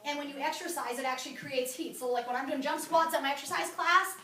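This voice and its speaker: A woman giving an energetic, blunt wellness talk to a group in a meeting room. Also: high voice, fast talker. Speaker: wellness coach presenter. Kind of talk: sales presentation to a group. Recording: roomy, from far off.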